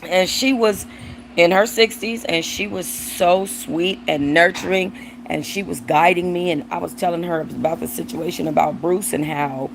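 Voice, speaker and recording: A woman's voice: lowish voice, fairly even intonation, moderate pace, creaky, a little hiss or hum, low-quality recording. A woman hosting a livestream, giving blunt, profane commentary on viewer comments and talking aside to her dog. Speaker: livestream host.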